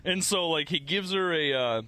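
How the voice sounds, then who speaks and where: A man telling a dramatic personal story in casual conversation, acting out the quotes in an animated way. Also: fairly high pitch, normal speed, a little hiss or hum. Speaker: guest telling a birth story.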